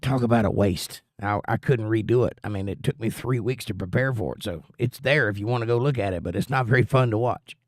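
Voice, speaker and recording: A man's voice: fairly low pitch, a little fast, few pauses, dry recording, studio quality. A man hosting a casual livestream, chatting in a rambling, folksy way and reading viewer comments aloud. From United States. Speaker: livestream host.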